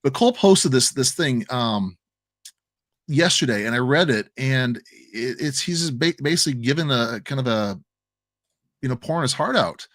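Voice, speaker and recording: A man's voice: mid-range voice, expressive, normal speed, a bit bright, no room sound. A man from the American Midwest, co-hosting a crypto livestream, telling an emotional story with many restarts and repeated words. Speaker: crypto stream co-host. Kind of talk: casual livestream chat.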